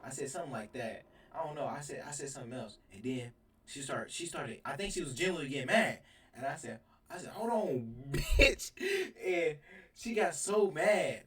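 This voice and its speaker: A young man telling a rambling, animated storytime, laughing as he goes. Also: medium pitch, a little fast. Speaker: storyteller vlogger. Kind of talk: casual storytime. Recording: roomy sound from a distance.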